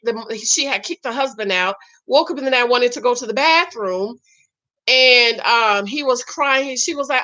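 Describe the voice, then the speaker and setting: Chatty woman vlogger w/ a high bright voice, reading comments, keeps saying okay. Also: muffled recording. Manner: chatty and emphatic, repeats "okay?" often. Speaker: show recap vlogger reading viewer comments. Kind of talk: casual live-stream chat.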